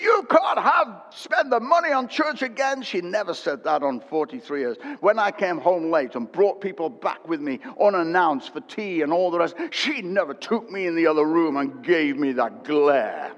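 An older man preaching a sermon, telling a story animatedly and swinging from loud to hushed. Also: a little high, lively intonation, normal speed, hardly any pauses. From England. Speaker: pastor. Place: church hall. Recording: dull echoey church hall recording.

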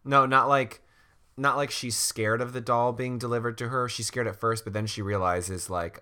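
A man's voice: medium pitch, steady tone, moderate pace, sharp tone, clear, resonant tone. A man co-hosting a podcast, casually helping retell a spooky story and chiming in with jokes. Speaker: podcast co-host. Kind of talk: comedic storytelling recap.

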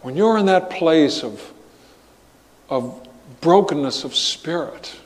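A man preaching as a pastor, earnest and halting, often restarting his phrases. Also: a little high, animated, in a large hall. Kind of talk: sermon.

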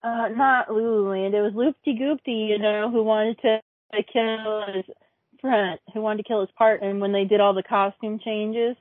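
A woman's voice: mid-range voice, steady tone, normal speed, no room sound. A woman in casual chat about a cartoon, rambling, swearing and fumbling for names. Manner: profane, rambling, forgets names. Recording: dry tinny phone-like line.

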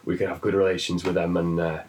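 A man's voice: sits low, level tone, fast, darkish tone, far from the mic, pitched below the performer's own voice, lightly acted. A man voicing a fatherly Scotsman in a pub, with a put-on Scottish accent and rambling advice. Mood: advising.

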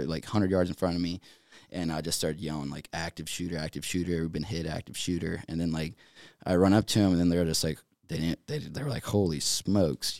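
A young man from North Carolina, a podcast guest, retelling events in a rapid, filler-heavy way with many restarts. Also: sits low, vocal fry, darkish tone, no echo, studio quality. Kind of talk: casual storytelling in an interview.

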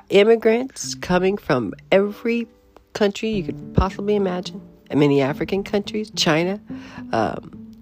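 A woman hosts a rambling solo podcast in a lower voice that swings widely up and down. She talks with an early-morning roughness and restarts her sentences often. Faint music plays under her. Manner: animated, laughing, rambling with restarts. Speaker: podcast host. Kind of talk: casual solo commentary.

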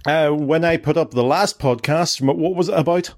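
A man's voice: a little high, normal speed. A man hosting a casual family podcast, rambling and stumbling over his words. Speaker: podcast host.

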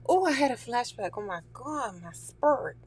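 A woman's voice: a little high, animated, moderate pace, breathy edge. A woman talking candidly and profanely in a casual chat, laughing often and dropping into whispery asides.

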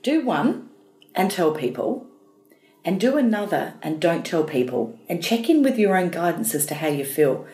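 A woman's voice: fairly low pitch, very animated, moderate pace, darkish tone. A woman co-hosting a podcast, talking in an enthusiastic, encouraging way. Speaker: podcast co-host. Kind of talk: casual chat. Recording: roomy echo.

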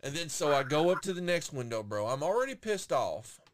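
A man's voice: a little high, sing-song, brisk, a little hiss or hum. A man hosting a podcast, telling crude, profane rant stories in casual chat. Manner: profane, ranting storyteller. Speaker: guest podcast host.

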